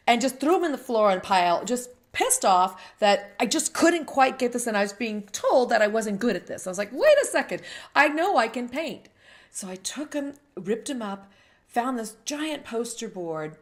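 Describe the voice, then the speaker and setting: A middle-aged woman hosts an interview in casual conversation. She tells her stories with lively energy and acts out the voices of the people she quotes. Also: mid-range voice. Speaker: host. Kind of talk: casual interview chat with storytelling.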